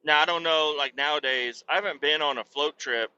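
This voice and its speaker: A man's voice: on the high side, a little fast, pushed and bright, clear, resonant tone, dull audio. A man hosting a podcast and telling a rowdy, profane, rambling comic story. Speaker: podcast host.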